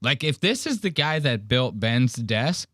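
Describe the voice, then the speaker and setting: A man hosting a podcast, rambling through animated, casual commentary on a clip he's watching, full of asides. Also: mid-range voice, a little slow, no echo, clean studio sound. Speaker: podcast host.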